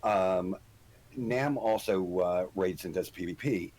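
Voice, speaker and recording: A man's voice: low voice, takes it slowly, darkish tone, rough recording. A middle-aged man, a guest on the show, telling a story in casual chat with lots of ums and restarts. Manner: rambling storyteller with many ums. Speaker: podcast guest.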